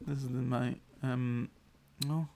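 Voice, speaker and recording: A man teaching an informal Torah class, lively and acting out the verses. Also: mid-range voice, takes it slowly, creaky, a little hiss or hum. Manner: animated, acts out the verse in God's voice.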